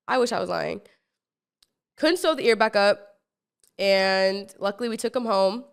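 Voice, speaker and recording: A woman's voice: mid-range voice, moderate pace, creaky, clear, resonant tone. A young woman in her twenties hosting a podcast, telling a wild personal story in a casual, rambling way, full of stumbles, restarts and fillers, acting out what people said. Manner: animated, acts out what people said. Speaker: podcast host.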